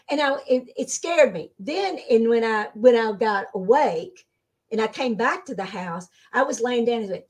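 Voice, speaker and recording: A woman being interviewed as a spiritual medium, telling stories in a casual, animated way and acting out the voices she quotes. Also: moderate pace. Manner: animated, acts out quoted voices with sudden pitch jumps. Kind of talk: casual storytelling.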